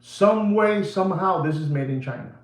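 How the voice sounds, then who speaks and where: A man's voice: high voice, moderate pace, reverberant. A man hosting a livestream, ranting emphatically and repeating himself, dropping into Spanish phrases. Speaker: watch seller livestream host. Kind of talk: animated livestream rant.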